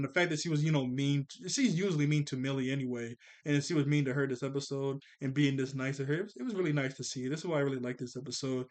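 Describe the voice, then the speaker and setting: A man recapping a cartoon episode in a casual, excitable, rambling way, talking fast and correcting himself as he goes. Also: mid-range voice. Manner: talks fast. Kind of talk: casual spoken review.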